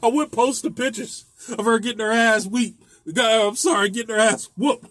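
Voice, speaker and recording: Guy with a pretty high voice telling a funny landlord story, laughs a lot, swears, dry close sound. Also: steady tone, normal speed, fairly bright tone, no echo. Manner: laughing often, profane, rambling. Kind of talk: casual storytime monologue.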